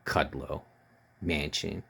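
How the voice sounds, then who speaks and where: A man's voice: a bass voice, fairly even intonation, slow, creaky, sharp tone, slightly rough. A man giving heated, scornful political commentary, ranting and repeating himself.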